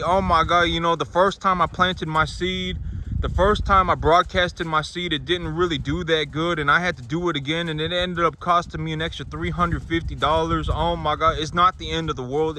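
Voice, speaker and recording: Outdoors on his farm, a farmer and vlogger chats casually to the camera in a fairly high, sharp voice. He rambles, repeats himself and keeps restarting his sentences, with slight background noise.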